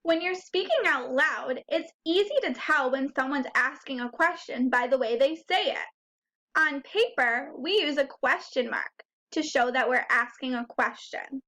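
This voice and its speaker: Slow, clear sounding-out of words marks this first grade phonics lesson, taught by a woman with a sharp, high-pitched voice. Along the way, she questions the children.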